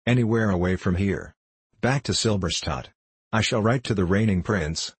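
A man with a husky voice reading a proud, impatient elder sister in a weary, reproachful manner. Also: fairly low pitch, moderate pace, no room sound.

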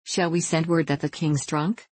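A scornful old colonel from a storybook, gruff and curt, with a sneer in every word. A woman plays him in a low voice that stays dry and close to the mic. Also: steady tone, moderate pace, darkish tone, dry recording.

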